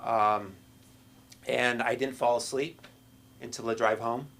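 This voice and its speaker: A middle-aged man works through an open-mic stand-up set in a small comedy club. His delivery is halting and self-deprecating, with frequent restarts, and his pitch sits in a middle register. Faint noise hums in the background. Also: steady tone, gravelly, a bit bright.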